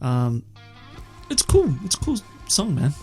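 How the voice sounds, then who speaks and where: A man's voice: on the high side, wildly swooping pitch, slow pace, a little mellow, faint music behind. A man with an Australian accent, co-hosting a casual album-review podcast and joking with his co-host. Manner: teasing banter, joking. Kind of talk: casual chat.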